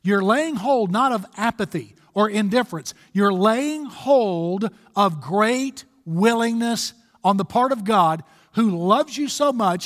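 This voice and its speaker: A man with a high-pitched voice preaches an emphatic sermon, drawing out his phrases as he presses each point. His voice carries a long reverb, like a large church hall. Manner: emphatic, exhorting, drawn-out slow phrases. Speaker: pastor.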